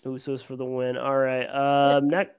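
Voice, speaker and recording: A man's voice: mid-range voice, completely flat delivery, unhurried, muffled recording, a little hiss or hum. A man hosting a casual podcast chat, easygoing and moving the talk along. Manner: easygoing, moves the talk along with fillers and laughs. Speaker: podcast host.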